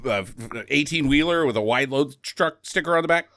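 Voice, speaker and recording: An American man casually reviewing a film with friends, sarcastic and lively as he retells the plot. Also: a little high, moderate pace, no room sound. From United States. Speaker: podcast host. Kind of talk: casual movie review chat.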